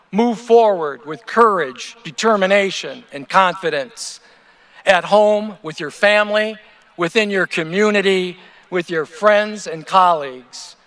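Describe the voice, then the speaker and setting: Male teacher, high-pitched, unhurried earnest speechmaker at an outdoor podium. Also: fairly bright tone. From Ohio, USA. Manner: earnest, measured delivery with rhetorical lists. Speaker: teacher giving commencement speech. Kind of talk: prepared ceremonial speech. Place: outdoor stadium.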